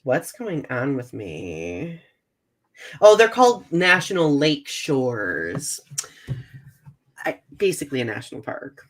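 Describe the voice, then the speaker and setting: Very low-voiced woman in animated chat. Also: slow pace, pauses often. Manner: chatty, self-deprecating, reads chat aloud. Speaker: podcast co-host. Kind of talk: casual live-stream chat.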